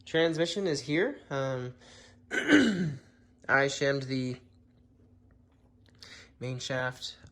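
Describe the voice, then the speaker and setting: A man giving a casual build-update vlog about his car project, rambling and clearing his throat often. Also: mid-range voice, expressive, extremely slow, pauses often, fairly bright tone.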